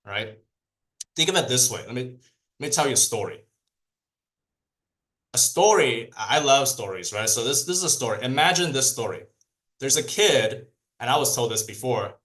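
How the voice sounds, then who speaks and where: A man's voice: medium pitch, expressive, normal speed, fairly bright tone. A man giving a motivational training talk to his team in a casual, rambling way, full of fillers and restarts.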